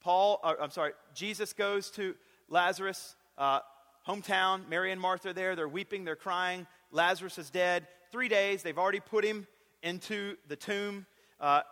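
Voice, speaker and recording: A man's voice: high voice, steady tone, normal speed, pushed and bright. A man preaching a sermon, emphatic and repeating his key phrases. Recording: long reverb of a large hall.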